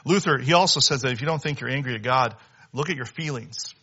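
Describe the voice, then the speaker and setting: Bright-voiced preaching man, lo-fi sound. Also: medium pitch, fast talker, breathy edge. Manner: animated preaching, swinging from loud to hushed. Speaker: pastor. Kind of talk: sermon. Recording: dull lo-fi sound.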